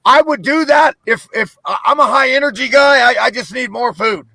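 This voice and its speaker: A man co-hosting a casual video call chat, excitable and stammering on the first words of his sentences. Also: extremely high pitch, moderate pace, no echo. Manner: excitable, stammers on word starts.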